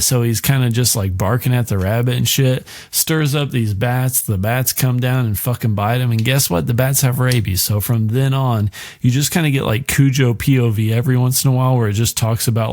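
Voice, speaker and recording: A man's voice: mid-range voice, a little mellow, no room sound. A man hosting a podcast, casually recapping a book with a lot of swearing and jokes. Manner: profane, joking, rambling. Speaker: podcast host.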